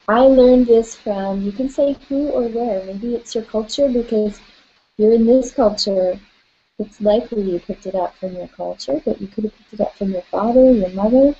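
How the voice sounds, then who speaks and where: A woman guides a tapping session, naming the tapping points and gently coaching listeners through spoken affirmations. Her voice is a little high and husky, at a moderate pace, and the audio sounds dull.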